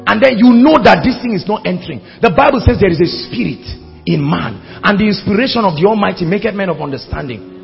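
A man preaching a sermon, swinging between hushed words and shouting. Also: high voice, animated, fast, gravelly, lo-fi sound. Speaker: pastor. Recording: hall reverb with faint music.

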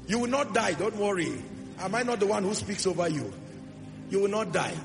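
A man preaching a sermon to a church congregation, emphatic, with rhetorical questions and swings between loud declarations and soft asides. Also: sits high, lively intonation, normal speed, creaky. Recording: long hall reverb with music underneath. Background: music.

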